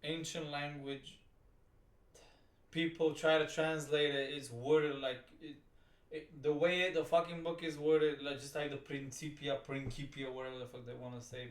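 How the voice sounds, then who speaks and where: A man's voice: fairly high pitch, a bit bright. A man giving profane, exasperated, rambling commentary while reacting to a video. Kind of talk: ranting commentary. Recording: roomy sound, distant from the mic.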